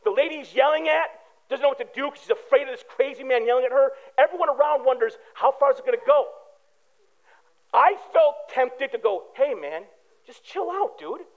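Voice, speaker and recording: A man's voice: very high voice, fairly quick, narrow, tinny audio. A man, a pastor, giving a conversational sermon full of everyday stories and asides to the congregation. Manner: casual storytelling with asides to the congregation.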